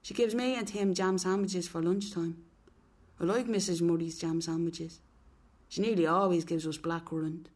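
A woman narrating in first person as a quiet, wistful young boy in foster care. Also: lowish voice, fairly even intonation, moderate pace, close to an everyday voice.

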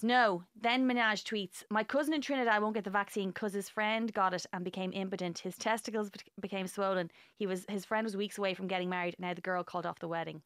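A woman, a guest on a radio culture panel, chatting in a giggly, rushed way and often stumbling over words. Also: medium pitch, fairly bright tone, clean tone, dry recording, clean studio sound. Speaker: podcaster and writer, panel guest. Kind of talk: casual chat.

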